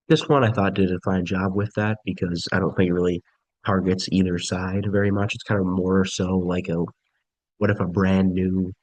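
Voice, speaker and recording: A man's voice: low voice, no room sound, low-quality recording. A young man casually ranking movies he saw, laid-back and chatty with frequent ums. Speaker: movie reviewer.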